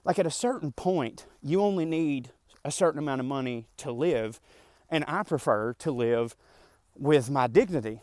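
A man's voice: medium pitch, lively intonation, normal speed, a little mellow, no echo. A man talks through a loose, rambling rant while jogging outdoors, his breath a little short. His voice sits in an ordinary middle register and comes across dry, with no room sound around it. He drifts through fillers and side remarks like a casual podcast host. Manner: rambling, conversational, frequent fillers and asides. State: slightly out of breath from running. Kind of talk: casual ranting monologue.

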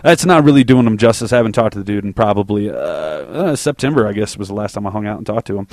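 A man's voice: fairly low pitch, darkish tone, no echo, studio quality. A man hosting a music podcast, chatting loosely between songs, self-deprecating and swearing casually.

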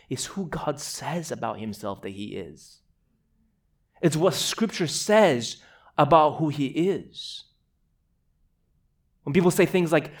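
A man from Moldova preaching a sermon in a conversational way, with casual asides and repeated words. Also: on the high side.

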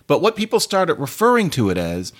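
A man hosting a solo podcast in a chatty, wry, digressive way, with playful asides and sudden jumps up in pitch when he stresses a point. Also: brisk. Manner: lively, with big jumps up in pitch on emphasis. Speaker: podcast host.

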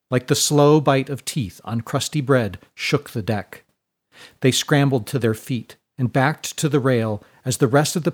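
Calm male story narrator. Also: mid-range voice.

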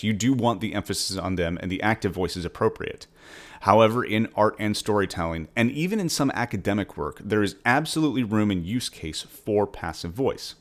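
A man who is the author, reading his own newsletter aloud as a casual, measured writing lesson. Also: on the low side.

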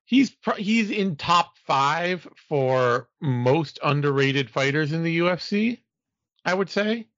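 A man's voice: on the high side, animated, takes it slowly, a bit bright, no room sound. Man hosting a fight podcast. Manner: chatty, analytical, self-mocking. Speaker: podcast host. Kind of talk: casual sports podcast chat. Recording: dull, slightly lo-fi dry sound.

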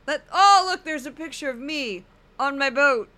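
A woman doing an impression of a boastful, self-absorbed older male TV pundit who rambles loudly about himself. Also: sits high, expressive, moderate pace, voice pushed up.

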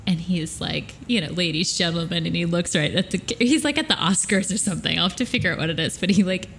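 A woman's voice: fairly low pitch, lively intonation, fast, gravelly, fairly bright tone, slight background noise. Playful, laughing woman podcast co-host. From upstate New York. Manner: playful, laughs often, rambling anecdotes. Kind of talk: casual chat.

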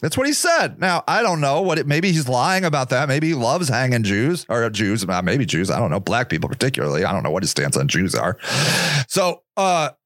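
A man's voice: medium pitch, big pitch swings, fairly quick, fairly bright tone, no room sound, clean studio sound. A man hosting a podcast, delivering a profane, sarcastic monologue rant with mocking put-on voices. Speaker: podcast host. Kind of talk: opinionated monologue.

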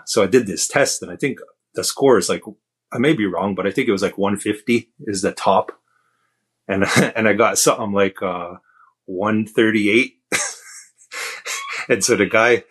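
A middle-aged man from Canada, a podcast guest, telling stories in a relaxed, self-deprecating way with many fillers. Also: sits low, breathy edge. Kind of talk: casual storytelling.

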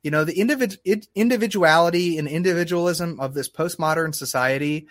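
A man co-hosting a casual faith podcast, talking earnestly and haltingly as he searches for words. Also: a little high, a bit bright, dry recording. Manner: earnest, halting, restarts often when emotional. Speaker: podcast co-host.

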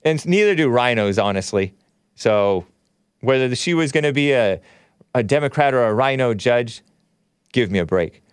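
A man's voice: medium pitch, expressive, normal speed, pauses often, clear, resonant tone, no room sound. A man hosting a call-in talk show from a studio, reading headlines aloud and scoffing at them with a sarcastic, mocking manner. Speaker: radio talk show host.

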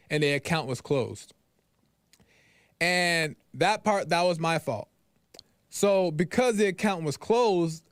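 Animated man telling a frustrated story. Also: a little high, no room sound, studio quality. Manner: animated storytelling, acts out phone calls, frequent "right?". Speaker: podcast host. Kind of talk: casual monologue.

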